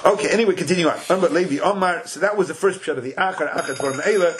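A man's voice: high voice, very fast, background noise. An older man teaching a Torah class in casual English full of Hebrew and Yiddish terms, telling stories with folksy asides. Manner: animated, folksy retelling with asides.

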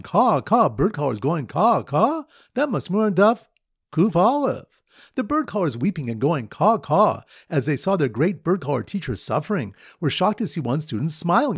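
A man teaching a daily Talmud lesson, telling repeated memory stories and running a quiz, in a lively storytelling manner. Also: on the high side, slightly rough, no room sound, clean studio sound.

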